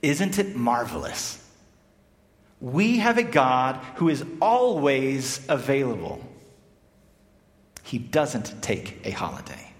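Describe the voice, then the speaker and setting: A man from South Africa preaching a sermon, animated, swinging between loud emphasis and hushed, quiet phrases. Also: mid-range voice, slow, pauses often. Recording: echoey hall with long reverb.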